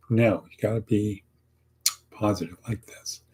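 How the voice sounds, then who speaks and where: A man's voice: fairly low pitch, steady tone, a little slow, warm tone, slightly rough. A middle-aged man teaching a casual class, coaching students on job interviews and acting out sample answers, repeating lines for emphasis. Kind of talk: casual online lesson.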